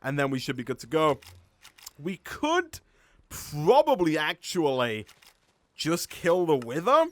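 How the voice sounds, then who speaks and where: A Yorkshire gaming streamer, his voice a little higher than most men's and fairly bright, gives chatty live commentary over a game, thinking aloud and laughing often. He's very animated yet slow, with long pauses. The close, dry recording has no room sound.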